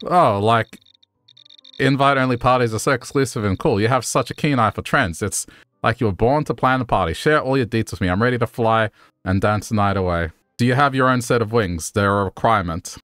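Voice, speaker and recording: A man's voice: medium pitch, a little fast, a bit bright, faint music behind, close to an everyday voice. A man voicing a bubbly, trend-obsessed female butterfly influencer in a video game, gushing and slang-heavy.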